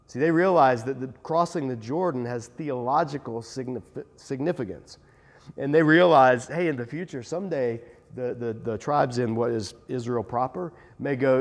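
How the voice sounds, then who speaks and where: A man teaching a Bible study in a conversational, animated way, stressing points with emphasis and joking at his own expense. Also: on the high side, moderate pace, long reverb tail. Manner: animated and emphatic, with self-deprecating asides.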